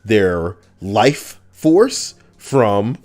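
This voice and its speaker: A man's voice: lowish voice, sing-song, extremely slow, a little mellow. A young man streaming casually, teasing and arguing with plenty of swearing. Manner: profane, teasing, argumentative. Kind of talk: casual live-stream chat.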